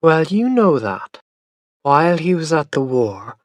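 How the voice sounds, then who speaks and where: A man voicing a patient young mother in a storybook reading, speaking softly and gently to her son. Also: on the high side, big pitch swings, a little slow, no echo, studio quality. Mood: gentle. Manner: soft and patient, often hushed.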